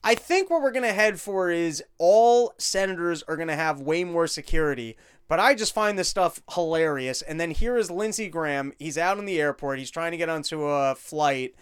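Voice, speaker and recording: A man's voice: on the high side, expressive, moderate pace, clear, resonant tone. Crude, joking male podcast host. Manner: crude, joking, rambling, laughs at clips. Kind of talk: casual profane commentary on video clips.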